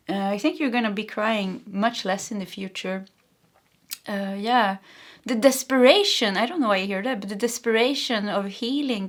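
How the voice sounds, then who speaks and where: Woman tarot reader from Sweden, Swedish native speaking English, middling pitch, emotional and earnest delivery. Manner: emotional, earnest, frequent laughs and fillers. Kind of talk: pick-a-card tarot reading.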